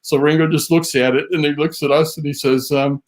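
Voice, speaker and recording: Animated storytelling man. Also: on the high side, fairly quick. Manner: animated storytelling, voice rises on quotes. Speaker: guest, drum memorabilia historian. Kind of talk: interview anecdote.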